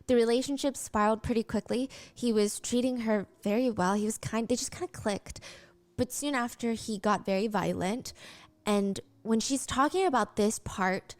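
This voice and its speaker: A woman telling a true-crime story in scripted narration, earnest and brisk. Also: a little high.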